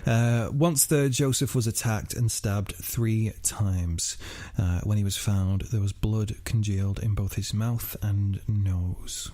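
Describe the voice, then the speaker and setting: A man's voice: lowish voice, slow, few pauses, dark tone, dry recording. A young man hosting a podcast, telling a true-crime case in a casual, swearing way with many fillers. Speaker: podcast host.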